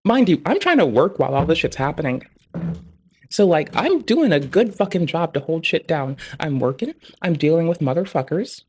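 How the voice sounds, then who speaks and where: Very animated at a moderate pace, a streamer's mid-range, slightly mellow voice drives a casual, wandering rant. Swearing is heavy throughout, and gaps get filled again and again with "like" and "bruh."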